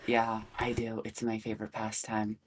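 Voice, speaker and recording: A podcast co-host with a dry, teasing, deadpan way of talking in casual chat. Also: medium pitch, moderate pace, heavy background noise. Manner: dry, teasing, calls partner "darling".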